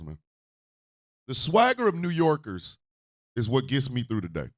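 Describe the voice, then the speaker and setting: A man hosting a radio talk show, ranting loudly and profanely, swinging from shouts to low mutters. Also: huge pitch swings, moderate pace, dry recording, clean studio sound. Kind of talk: animated political rant.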